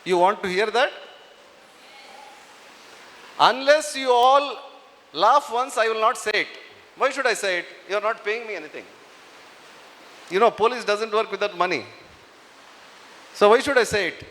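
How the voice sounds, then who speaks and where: High, bright Indian English man in a hall. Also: moderate pace, pauses often. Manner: teasing, coaxing the audience. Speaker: police officer giving a talk. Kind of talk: motivational talk to students. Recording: echoey hall.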